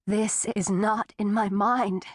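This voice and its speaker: A woman's voice: mid-range voice, fairly even intonation, slow pace, dry recording, clean studio sound. A woman voicing a frightened young woman whose tense voice keeps breaking as she pleads. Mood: desperate.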